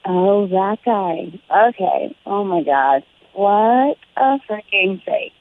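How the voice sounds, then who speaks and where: A woman's voice: medium pitch, animated, slow, no room sound. An American woman calling in by phone, indignant and accusing. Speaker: caller. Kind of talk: casual phone chat. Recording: tinny phone line.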